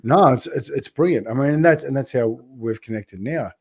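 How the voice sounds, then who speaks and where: A man's voice: mid-range voice, moderate pace, slightly rough. A man hosting a live video-call interview, upbeat and chatty, with frequent restarts and "right?" tags. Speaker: interview host. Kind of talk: casual live-stream interview.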